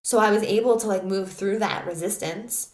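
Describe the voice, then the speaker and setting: A woman's voice: medium pitch, normal speed, slight background noise. Chatty woman podcaster, echoey room. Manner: candid, animated retelling with many "like"s and restarts. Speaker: podcast host. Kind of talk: solo podcast storytelling.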